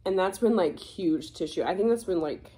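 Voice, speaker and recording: A woman's voice: lowish voice, moderate pace. Candid young woman, casual storytelling. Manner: candid, swears freely, animated retelling. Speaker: vlogger.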